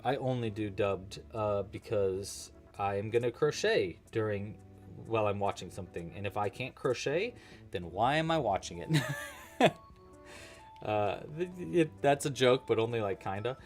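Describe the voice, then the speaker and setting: Casual male livestream host, joking and thinking out loud, very animated melody. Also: fairly low pitch, moderate pace, faint music behind. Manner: chatty, joking, thinks aloud while working. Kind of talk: casual live crochet-along chat.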